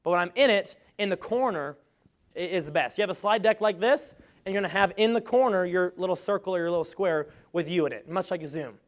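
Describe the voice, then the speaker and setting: High-voiced man giving an upbeat live talk. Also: fairly quick. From grew up on a farm. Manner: energetic, joking, self-deprecating. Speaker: speaker on webinar marketing.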